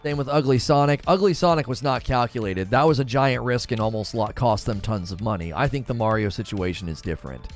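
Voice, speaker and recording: A man hosting a casual gaming livestream, reading chat and arguing his opinions out loud, now and then mimicking cartoon voices. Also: fairly quick, hardly any pauses, soft background music. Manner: animated, opinionated, thinks aloud; briefly mimics cartoon voices in a high falsetto. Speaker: gaming news host reading live chat.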